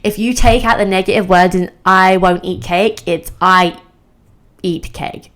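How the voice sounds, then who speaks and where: A woman's voice: fairly low pitch, fairly even intonation, measured pace, a bit bright. A young woman giving a casual motivational talk to camera, bubbly and emphatic, often laughing mid-sentence as she makes her points. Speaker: self-improvement creator.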